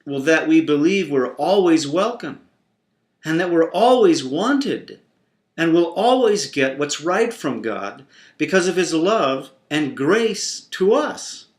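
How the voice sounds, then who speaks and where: A man voicing his young daughter calmly explaining something to her father. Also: fairly high pitch, slow, echoey room.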